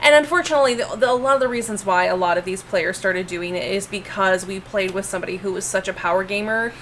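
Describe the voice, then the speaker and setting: A woman's voice: medium pitch, fast talker, fairly bright tone, slight background noise. A woman chatting casually as a guest, telling a story with lots of swearing, fillers and restarts. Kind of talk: casual chat.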